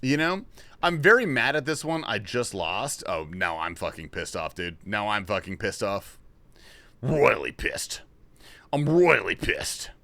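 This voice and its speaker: A man's voice: fairly low pitch, expressive, moderate pace, pushed and bright. A man thinking aloud on a casual livestream while solving a word puzzle, swearing when frustrated.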